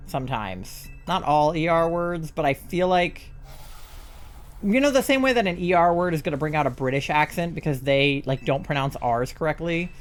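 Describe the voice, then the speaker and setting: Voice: medium pitch, expressive, moderate pace, faint music behind. A live streamer from the Southern United States with a mild Southern accent, chatting casually and swearing freely while gaming, throat sore. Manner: chatty, loose and swearing, often laughing.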